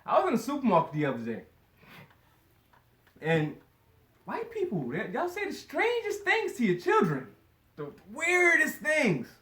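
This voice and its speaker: A man's voice: very high-pitched, wildly swooping pitch, a little slow, long pauses, pushed and bright. A man doing a first-time stand-up comedy set, rambling with lots of fillers and chuckling through his lines. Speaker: stand-up comic. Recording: echoey room with noise.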